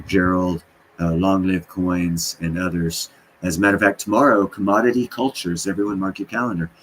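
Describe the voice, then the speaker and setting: Man, very deep voice, livestream host, rambling with fillers, unfinished basement. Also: slight background noise, poor audio. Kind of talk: casual livestream talk.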